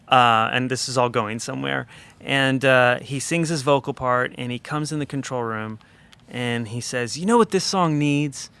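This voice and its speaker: Producer guy on a podcast, bright crisp voice, chatty, lots of ums and likes. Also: medium pitch. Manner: animated, chatty storyteller with many fillers. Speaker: record producer guest. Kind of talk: casual storytelling in a podcast interview.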